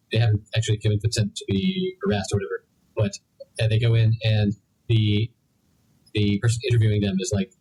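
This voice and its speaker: A man's voice: fairly low pitch, a little mellow, low-quality recording. A young adult man co-hosting a podcast, chatting casually and rambling through his points with many restarts. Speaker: podcast co-host. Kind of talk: casual chat.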